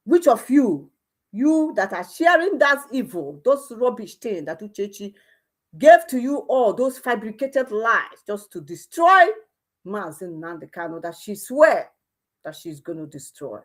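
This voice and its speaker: A woman's voice: medium pitch, sing-song, unhurried. Impassioned Igbo-accented woman livestreaming. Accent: Nigerian Igbo. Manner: impassioned, swings between soft lament and loud outbursts. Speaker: livestream host. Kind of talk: emotional livestream commentary.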